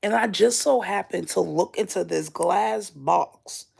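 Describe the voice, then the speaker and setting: Gravelly, husky woman telling a story. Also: mid-range voice, a little mellow. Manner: candid, swears freely; slow and drawn out. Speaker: vlogger. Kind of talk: casual storytelling about dreams.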